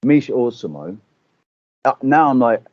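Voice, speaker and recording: A man in casual chat, telling stories with animated swearing and acting out quotes. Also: mid-range voice, moderate pace, dry recording. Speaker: podcast guest. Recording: dull lo-fi audio.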